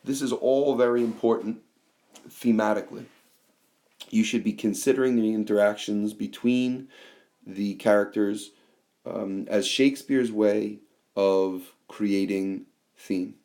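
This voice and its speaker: A man teaching a class in a screencast, explaining slowly with fillers and reading quoted lines aloud. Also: fairly low pitch, steady tone, a little mellow. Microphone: tablet microphone.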